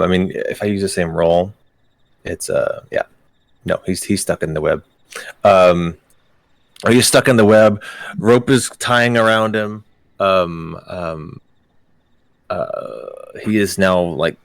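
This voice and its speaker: A man narrating as game master, with a very low, gravelly voice. He hesitates often and restarts his sentences. The recording is dry and close. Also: takes it slowly, long pauses, no room sound. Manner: hesitant, many ums and restarts.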